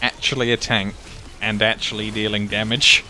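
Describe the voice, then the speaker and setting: A man giving casual live commentary as he plays a video game, thinking aloud with excitable outbursts. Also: on the low side, moderate pace, soft background music. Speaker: gaming channel host.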